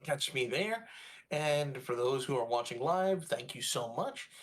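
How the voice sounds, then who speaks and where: A man's voice: medium pitch, animated, unhurried. A man co-hosting a casual gaming podcast, talking loosely and rambling with lots of "uh"s while he has the hiccups. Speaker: podcast co-host and VTuber streamer. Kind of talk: casual chat.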